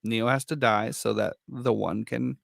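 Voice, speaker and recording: A man co-hosting a podcast, talking casually about a film in relaxed back-and-forth. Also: fairly low pitch, gravelly, dry recording, clean studio sound. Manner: relaxed, agreeable, quick back-and-forth replies. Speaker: podcast co-host.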